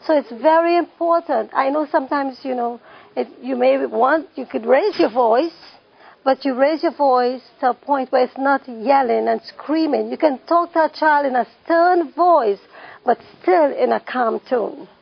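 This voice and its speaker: Woman instructor, high and gravelly voice, repeats key points, dull lo-fi recording. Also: measured pace. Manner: repeats key phrases, emphatic. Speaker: parenting class instructor. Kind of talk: classroom teaching with questions to the audience.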